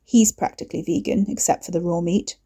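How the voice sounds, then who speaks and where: Woman reading a cool dry bossy lady, clipped lines, soft warm tone. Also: lowish voice, fairly even intonation, brisk.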